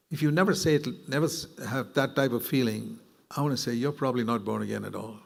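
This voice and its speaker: A man preaching a sermon in an earnest, conversational way, rising in pitch when he presses a point. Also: fast, vocal fry.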